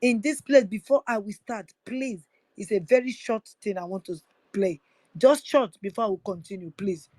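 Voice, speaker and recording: A woman's voice: mid-range voice, normal speed, darkish tone, low-quality recording. A woman hosting an online audio space, urging listeners with a repetitive, preachy delivery. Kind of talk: impassioned appeal to listeners.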